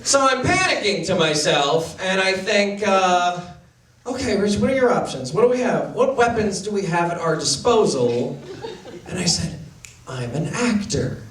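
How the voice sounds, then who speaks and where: High-voiced stand-up comic, lively storytelling. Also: male voice. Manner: storytelling, self-deprecating, acts out his own panicked inner voice. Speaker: stand-up comedian. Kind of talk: stand-up comedy set. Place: comedy venue with live audience. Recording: roomy, distant camera audio with noise. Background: audience laughter.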